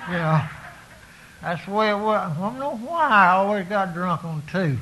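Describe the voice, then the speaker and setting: Bright-voiced man telling stories. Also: high-pitched, expressive, moderate pace, a little hiss or hum, poor audio. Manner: drawling, self-mocking humor, many "you know"s and restarts. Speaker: speaker sharing his recovery story with an audience. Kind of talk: folksy storytelling talk.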